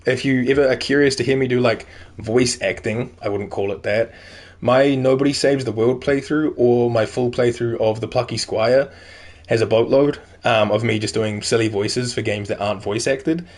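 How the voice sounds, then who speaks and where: Male streamer, mid-pitched voice, casual live commentary, rambling with many fillers. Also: steady tone, normal speed, a little mellow. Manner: rambling, heavy use of "like" and "um". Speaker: streamer playing a video game. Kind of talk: casual live-stream commentary, reading in-game notes aloud.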